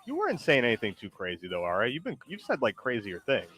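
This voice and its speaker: A man's voice: mid-range voice, wildly swooping pitch, fast, fairly bright tone. Rambling, teasing male streamer. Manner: loose, rambling, teasing, many fillers. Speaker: streamer host. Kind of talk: casual stream chat.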